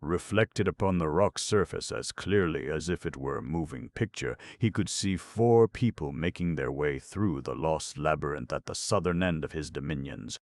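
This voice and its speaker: Super deep gravelly guy reading a kids audiobook, dry close sound. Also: normal speed, hardly any pauses, a little mellow, dry recording. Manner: storybook reading. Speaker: audiobook narrator. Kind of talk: scripted narration.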